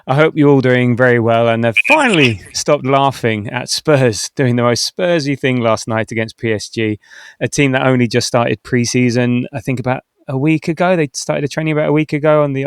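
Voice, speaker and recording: Middle-aged male host, casual chat, smooth resonant tone, dry close mic, rambling delivery. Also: mid-range voice, moderate pace, no echo. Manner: chatty, rambling with frequent restarts and laughs. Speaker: podcast host. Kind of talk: casual football podcast chat.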